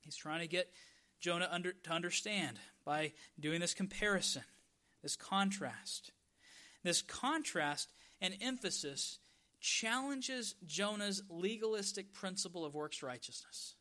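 A man preaching a sermon as pastor, stressing key words by drawing them out slowly. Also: high-pitched, sharp tone.

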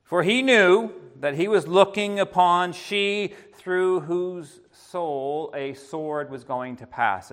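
An earnest man preaching an evening sermon, his voice sitting a little high for a man. He talks in a halting way, restarting phrases and dropping softly into asides before rising again.

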